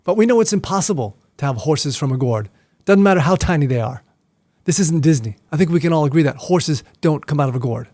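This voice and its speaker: A man's voice: fairly high pitch, darkish tone, no room sound. A middle-aged man, a martial arts instructor, explaining things in a casual, playful way with joking asides.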